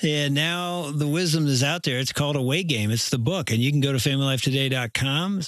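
This is a middle-aged man co-hosting a radio talk show, relaxed and conversational. His voice sits a little high and sounds bright. He acts out other people's voices when he quotes them. The recording is dry and close to the mic. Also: brisk, dry recording. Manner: animated, acts out quoted voices while telling stories. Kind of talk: casual conversational storytelling.

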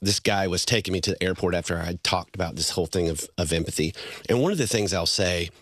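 A middle-aged man telling marriage stories in a conversational way, animated and laughing often as he acts out quotes. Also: deep voice, fast, no room sound. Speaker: guest speaker on marriage. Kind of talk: conversational storytelling.

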